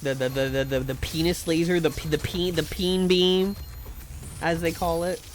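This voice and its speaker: A man's voice: fairly high pitch, level tone, normal speed, slight background noise. A man streaming a game live, joking around as he plays and reads chat, often repeating words while he talks. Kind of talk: live gameplay commentary and chat reading.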